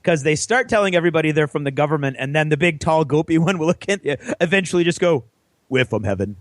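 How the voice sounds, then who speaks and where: Higher-pitched man rambling through a story. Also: quick pace, no echo. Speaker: podcast co-host. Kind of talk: casual chat.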